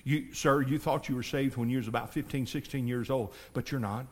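A man's voice: mid-range voice, steady tone, fairly quick. A man, preaching a fervent sermon and pressing his listeners directly. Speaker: pastor.

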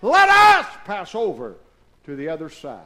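A man preaching a call-and-response sermon in a church, firing questions at the congregation and swinging between hushed and shouted lines. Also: high-pitched, wildly swooping pitch, unhurried. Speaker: pastor.

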